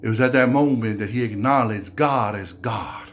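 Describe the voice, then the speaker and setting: A male pastor giving a sermon and retelling a story from scripture in a lively way. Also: lowish voice, moderate pace.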